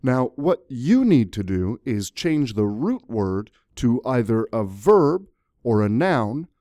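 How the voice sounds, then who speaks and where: Male English teacher, playful and animated, slow and mellow. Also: mid-range voice, no room sound, clean studio sound. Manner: jokey, animated, talks to viewers. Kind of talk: playful scripted grammar lesson.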